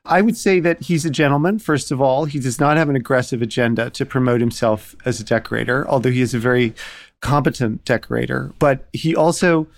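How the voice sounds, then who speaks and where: Wry, candid designer man. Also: mid-range voice. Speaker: interior designer. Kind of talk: panel discussion.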